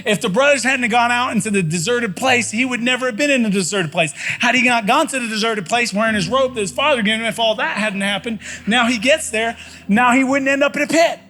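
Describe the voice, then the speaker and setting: A man's voice: very high-pitched, brisk, sharp tone. A man preaching a sermon in a conversational, folksy way, often repeating phrases for emphasis. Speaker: pastor. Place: church sanctuary.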